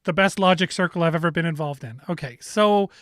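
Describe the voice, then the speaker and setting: A man's voice: on the high side, brisk, fairly bright tone, dry recording, studio quality. A man hosting a casual sports talk show, rambling and self-correcting with easy laughs. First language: bilingual in French.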